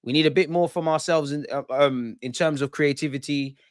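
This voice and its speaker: Young guy yelling at penalty takers on a live watch-along, dry close sound. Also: a little high, brisk, clean tone, no room sound. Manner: heckling, excitable, mocking penalty takers. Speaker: football fan channel host.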